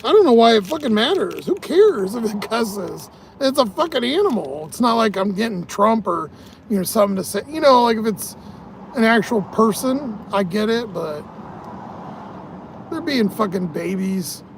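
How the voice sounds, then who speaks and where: A man's voice: high voice, sing-song, moderate pace, gravelly, a little hiss or hum. A tired man vlogging in a casual, rambling way, swearing often and laughing at his own stories. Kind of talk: casual rambling vlog talk.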